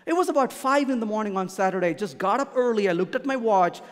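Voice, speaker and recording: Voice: medium pitch, animated, fast talker. A conference speaker giving a keynote talk, emphatic and repeating key points for emphasis. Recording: long hall reverb.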